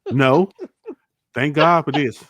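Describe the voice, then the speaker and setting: A man's voice: a little high, slow, fairly bright tone, no room sound, muffled recording. A man hosting a podcast in casual chat, playfully running through a list with mock-serious verdicts. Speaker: podcast host.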